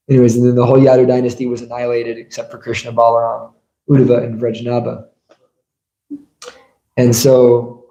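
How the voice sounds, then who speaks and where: Gravelly-voiced man giving a temple sermon. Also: medium pitch, mellow. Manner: storytelling, asks the audience rhetorical questions. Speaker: speaker giving a scripture class. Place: temple hall. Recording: echoey room.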